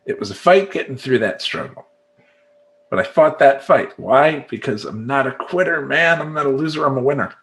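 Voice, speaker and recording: A man's voice: mid-range voice, normal speed, a bit bright. A man talking as a life coach in a rambling, emphatic monologue, acting out his clients and making sound effects. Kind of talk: casual monologue to camera.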